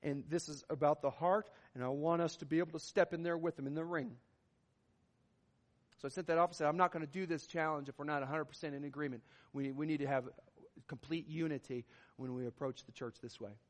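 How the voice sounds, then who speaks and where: With a slightly high, steady voice and a somewhat fast pace, a male pastor delivers his sermon emphatically, rising and falling in volume. The recording carries a long hall reverb.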